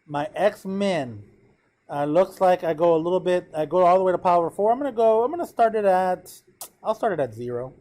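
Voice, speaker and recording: A man's voice: high-pitched, lively intonation, brisk, darkish tone. A man teaching a math class in a classroom, talking casually and checking in with his students often. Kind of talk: classroom lecture.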